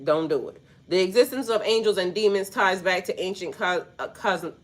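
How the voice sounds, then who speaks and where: A woman's voice: medium pitch, moderate pace. A woman who works as a spiritual life coach, talking casually to her viewers in a rambling, slangy way and swearing freely, with a stuffy nose.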